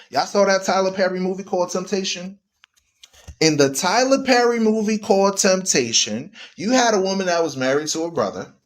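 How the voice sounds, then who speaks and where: A fairly high-voiced man holds forth like a preacher on a radio show. He hammers points home by repeating words and talks straight to his listeners. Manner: emphatic, repeats words for stress; addresses listeners directly. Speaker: radio guest. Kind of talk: preaching commentary.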